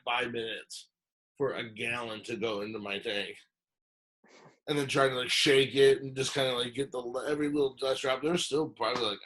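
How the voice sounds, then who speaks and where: A man on a podcast telling a long story in a casual, rambling way, acting out the lines he quotes and full of fillers and restarts. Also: mid-range voice. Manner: animated retelling, acts out quoted lines.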